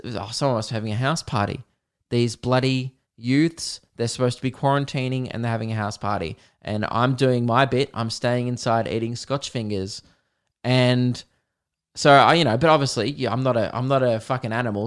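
A man's voice: mid-range voice, moderate pace. Rambling Australian man podcasting. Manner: rambling, swears, sings song snippets. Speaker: podcast host. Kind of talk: casual solo podcast storytelling.

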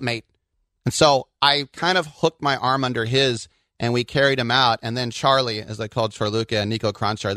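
A man from the Bay Area co-hosting a soccer podcast, chatting casually and telling animated stories with frequent laughs. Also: medium pitch, dry recording, clean studio sound. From Bay Area, California. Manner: animated storyteller, laughs often. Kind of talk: casual sports chat.

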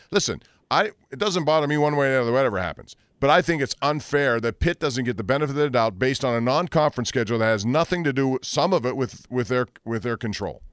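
A man's voice: mid-range voice, a bit bright, clear, resonant tone, dry recording, studio quality. A man hosting a call-in sports radio show, blunt and opinionated, pushing back on callers. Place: radio studio.

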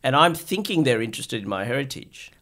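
A man's voice: mid-range voice, very animated, fairly quick, a bit bright. A middle-aged man from Bangladesh, a guest in a casual chat, talking in thoughtful, reasoned points. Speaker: guest psychiatrist.

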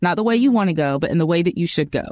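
A woman's voice: lowish voice, expressive, rapid-fire, a little mellow, no room sound, studio quality. A woman who works as a marriage coach, a guest on a podcast, speaking earnestly and in a teaching way. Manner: earnest, instructive, quotes others. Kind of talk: casual Christian podcast interview.

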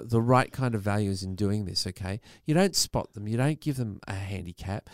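A middle-aged man spins a mock-grumpy comic rant as a podcast co-host. His pitch leaps and dips in a lively way. The sound is dry and close, with no room echo. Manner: mock-grumpy, animated storytelling. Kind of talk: casual comedic chat.

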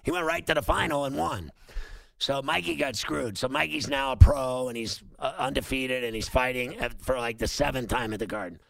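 A man's voice: medium pitch, moderate pace, vocal fry, a bit bright, no echo, rough recording. A middle-aged man, a talk show host telling a long story in a casual, rambling way with many fillers and restarts.

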